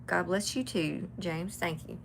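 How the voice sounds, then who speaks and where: A woman's voice: lowish voice, a little slow, vocal fry, a little hiss or hum. A woman telling a chatty story to her live viewers during a tarot reading. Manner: chatty, animated, talks to live chat. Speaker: tarot reader.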